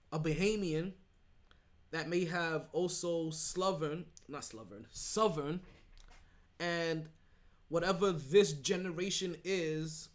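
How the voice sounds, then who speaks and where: A man hosting a sports podcast solo, talking casually and emphatically, rambling with restarts and asking "right?" often. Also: on the high side. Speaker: podcast host.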